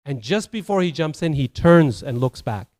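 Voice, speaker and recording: A man's voice: fairly high pitch, animated, moderate pace, darkish tone. A man giving a Sunday sermon as a temple speaker, telling stories conversationally, with many fillers and restarts.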